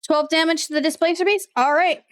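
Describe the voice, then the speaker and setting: A woman running a tabletop game as game master, brisk and encouraging. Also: very high-pitched, steady tone, fairly bright tone.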